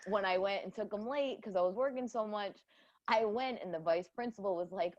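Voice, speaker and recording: A woman's voice: on the low side, a little fast, a little mellow, lo-fi sound. A young woman co-hosting a podcast in casual chat, blunt and profane, laughing often. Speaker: podcast co-host.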